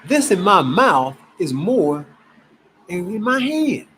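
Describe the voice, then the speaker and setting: Guy from ohio ranting bout prices, husky voice, slow and swoopy. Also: high voice, a little hiss or hum, low-quality recording. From Cleveland, Ohio. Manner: emphatic, exasperated, animated preaching. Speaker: gold promoter. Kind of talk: casual selling pitch to camera.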